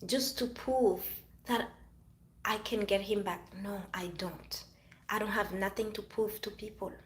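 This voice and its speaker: In a reverberant space, a woman from Haiti addresses her camera about a relationship that ended. Her medium-pitched voice stays fairly level and a little slow, yet her message comes across as forceful, moralizing, and repetitive.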